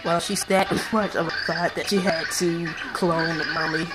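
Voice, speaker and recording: A woman's voice: lowish voice, fairly even intonation, a little slow. Brief: woman gamer, chatty rambling commentary, game music behind. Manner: rambling, many fillers. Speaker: let's play commentator.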